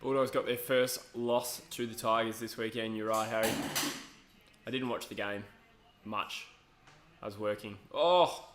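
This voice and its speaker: A man's voice: on the low side, a bit bright, a little hiss or hum. A young Australian man chatting through a live football match on his stream, cracking jokes between calls of the play. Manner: chatty, jokey, quick asides and chuckles. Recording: echoey room.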